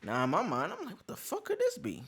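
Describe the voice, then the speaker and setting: A male podcast host spinning a story in loose, cursing street slang. His pitch swings all over the place as he acts out every scene, leaping from low mutters to high yelps. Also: fast talker, husky. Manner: animated, slangy and profane, acting out scenes. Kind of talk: casual storytelling.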